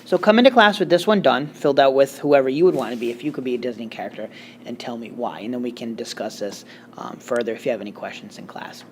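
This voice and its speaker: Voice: medium pitch, quick pace, slight background noise. A Spanish teacher giving a recorded grammar lecture, explaining step by step with joking asides.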